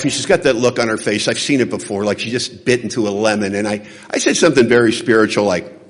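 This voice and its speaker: A man giving a recovery talk at a convention, telling a personal story and acting out the dialogue with animated, shifting delivery. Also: mid-range voice, fairly quick, breathy edge. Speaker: recovery speaker. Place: large convention hall. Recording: hall reverb from a large venue.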